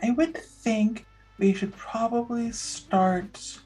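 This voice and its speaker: A woman at a tabletop game talks her plan through slowly, weighing each step aloud. Her voice is husky, with faint music behind her. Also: fairly high pitch, fairly even intonation, warm tone. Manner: thoughtful, reasoning aloud. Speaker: player. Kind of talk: tabletop play.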